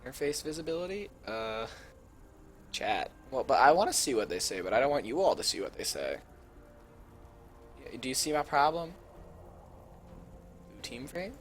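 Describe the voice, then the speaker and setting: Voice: mid-range voice, big pitch swings, normal speed, pauses often. Young student caster, hesitant and rambling, filling dead air over faint music. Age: young adult. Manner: self-deprecating, rambling, hesitant. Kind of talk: casual rambling commentary during a pause.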